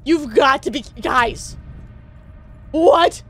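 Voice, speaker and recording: A woman streamer giving casual, excitable commentary as she plays a shooter, laughing often and talking to the game. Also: sits high, extremely slow, a little hiss or hum. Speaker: gaming streamer. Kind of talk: casual let's-play commentary. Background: game music and gunfire.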